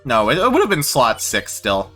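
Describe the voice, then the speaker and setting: A man giving casual, rambling commentary while streaming a game, self-deprecating and quick to swear. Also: medium pitch, wildly swooping pitch, pushed and bright, faint music behind.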